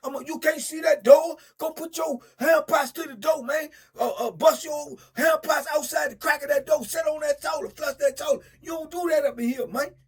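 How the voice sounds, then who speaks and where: Man doing a giant furious inmate, shrill yelling, husky edge, menacing. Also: moderate pace, few pauses, heavily acted. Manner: shouting, threatening, high-pitched rage. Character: huge furious male inmate, explosive and menacing.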